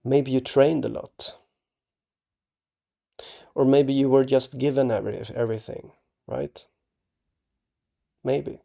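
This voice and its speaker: A man hosting his own channel, talking to camera in a halting, earnest way, restarting his sentences and checking in with tag questions. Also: medium pitch, fairly even intonation, gravelly, dark tone. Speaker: artist and channel host. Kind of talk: casual talk to camera.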